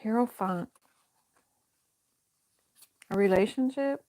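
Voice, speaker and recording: A woman's voice: on the high side, takes it slowly, warm tone. Woman giving a rambling, hesitant tarot reading. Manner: thinks aloud, hesitant, many fillers and restarts. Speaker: tarot reader. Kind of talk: casual tarot reading to camera.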